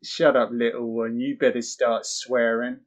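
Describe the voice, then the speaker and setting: A man giving crude, excitable, mocking live commentary on a horror film. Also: mid-range voice, a little slow. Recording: dull lo-fi audio.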